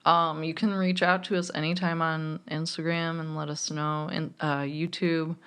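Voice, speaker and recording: A blunt, foul-mouthed podcast co-host in casual chat, quick to agree with the others. The voice is full of gravelly fry. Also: medium pitch, level tone, a bit bright.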